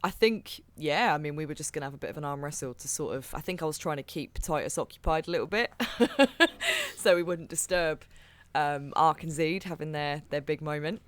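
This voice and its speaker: Tabletop player, chatty, jokey, mid-pitched voice, dry close sound. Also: fairly quick, a bit bright, clean tone, no echo. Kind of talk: casual tabletop play.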